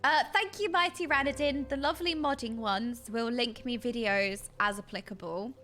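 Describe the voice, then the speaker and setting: A British woman streaming and chatting casually with her viewers, bubbly and excitable, with a slightly dry throat, talking into a desk mic. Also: a little high, moderate pace, faint music behind. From Britain. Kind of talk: casual chat with live stream chat.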